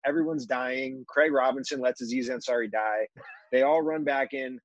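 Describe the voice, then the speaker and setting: A man's voice: mid-range voice, fairly even intonation, normal speed, no echo, highs cut off. A man co-hosting a casual podcast, jumping in animatedly to fill in plot details. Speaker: podcast co-host. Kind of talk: casual chat, plot recap.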